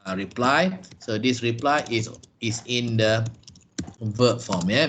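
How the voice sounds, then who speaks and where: A man's voice: medium pitch, a bit bright, slight background noise. A man teaching an online lesson over a video call, spelling words out letter by letter and drilling pronunciation. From Malaysia. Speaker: English teacher.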